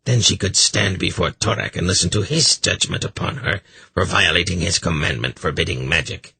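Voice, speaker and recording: A man voicing a sly, scheming male priest in an audiobook, with a gravelly, husky voice. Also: sits low, normal speed, bright, forceful tone, dry recording, full character voice.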